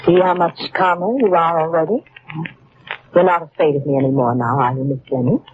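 A woman's voice: low-pitched, brisk, lightly acted. An actress playing a falsely kind, sinister female nurse in a 1940s radio drama, sweetly reassuring with menace underneath. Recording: muffled old radio broadcast with faint hiss.

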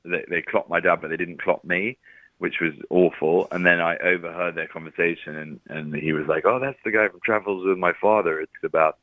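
A man chatting as a comedian guest, telling self-deprecating anecdotes with quick asides. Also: low voice, steady tone, no room sound. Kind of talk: casual chat. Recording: thin phone-like line, dry.

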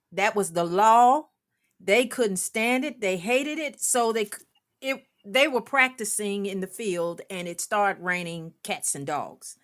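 An older woman, a former coach, telling a lively story on a talk show, laughing often and acting out the people she quotes. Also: medium pitch. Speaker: guest, former women's basketball coach.

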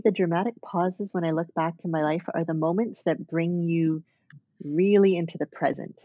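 A woman's voice: on the low side, steady tone, normal speed, no echo, highs cut off. A woman dance artist talking thoughtfully as an interview guest, with many fillers and restarts. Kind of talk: reflective conversational interview.

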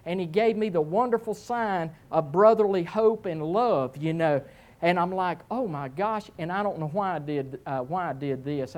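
Male pastor, sermon, lively self-mocking storyteller with big pitch swings.

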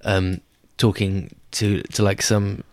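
A young man tells stories in a loose, rambling way, laughing and swearing as he goes. His voice sits a little low. The sound is dry and close to the mic. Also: little pitch movement, takes it slowly, darkish tone, no room sound. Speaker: stand-up and music performer. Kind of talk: casual podcast chat.

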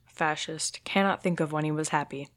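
A woman's voice: low voice, moderate pace, a bit bright. A woman reading stage directions aloud in a plain, matter-of-fact way.

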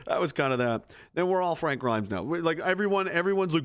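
A man's voice: fairly high pitch, lively intonation, fast talker, few pauses, clean tone. A man hosting a casual livestream, reading viewer comments aloud and answering with blunt, profane, exasperated rants.

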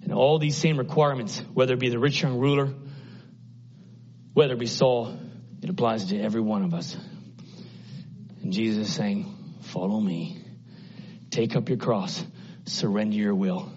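Man preaching a sermon, husky voice, impassioned, hushed then soaring, dull lo-fi recording. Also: steady tone, normal speed, pauses often. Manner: impassioned, swinging from hushed to loud and high.

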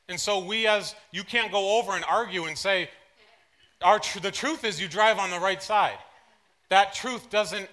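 Animated male pastor, bright forceful voice. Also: sits high. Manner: animated storyteller, swings between soft asides and loud excited bursts. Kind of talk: sermon with personal anecdotes. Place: church service.

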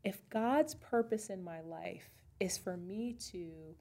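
A woman's voice: fairly low pitch, takes it slowly, a little mellow. A woman pastor co-hosting a podcast, talking through ideas in a thoughtful, searching way and often restarting her sentences. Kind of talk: casual faith chat.

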